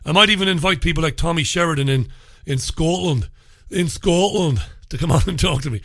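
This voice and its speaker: A man with an Irish accent hosting his own talk radio show, chatting alone into a studio mic in an informal, opinionated way. His voice sits a little high for a man. The sound is close and dry, with no room around it. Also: racing, creaky, fairly bright tone, no echo. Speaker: radio host. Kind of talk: solo talk radio monologue. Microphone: studio microphone.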